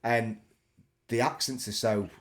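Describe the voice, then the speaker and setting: A man's voice: medium pitch, steady tone, measured pace. A man from England, a tattoo artist, chatting casually in a jokey, easygoing way. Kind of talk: casual chat.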